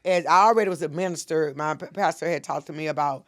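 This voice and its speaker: Speaking quickly in a voice that sits low, a middle-aged minister guesting on a podcast shares an emotional story from her own life. Her telling is earnest and intense, and she acts out what each person said.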